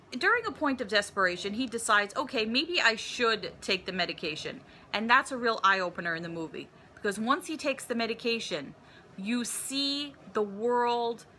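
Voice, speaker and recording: A woman talks through a film she loved, circling back and restarting her sentences as she goes. Her voice is bright and sits at a medium pitch. It sounds like a casual home recording. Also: a little hiss or hum. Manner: chatty, rambling with fillers and restarts. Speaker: movie reviewer. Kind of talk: casual movie review.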